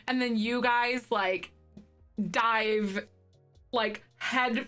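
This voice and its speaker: A woman's voice: on the high side, sharp tone. A woman in her thirties chatting casually with viewers on a live stream, giggly and talkative and laughing often. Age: 30s.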